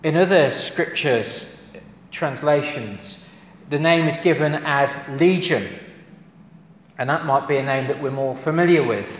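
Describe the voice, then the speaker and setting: A man's voice: fairly high pitch, a little slow. A man preaching a sermon in a church. He speaks earnestly, asks his congregation rhetorical questions and rises to emphatic exclamations. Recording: echoey hall with long reverb.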